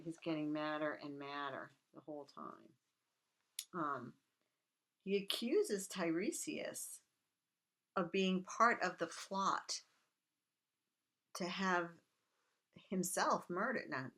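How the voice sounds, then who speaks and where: A woman with a notably low voice lectures on a text in a relaxed, conversational way. She reads quoted lines aloud, then drops into quick, chatty commentary. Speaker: literature teacher. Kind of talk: casual recorded lecture.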